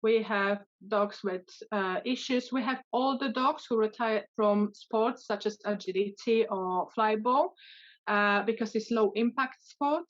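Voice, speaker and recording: A woman's voice: mid-range voice, a little slow. Woman dog trainer, dull lo-fi sound. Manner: hesitant, many fillers and restarts. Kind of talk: interview answers.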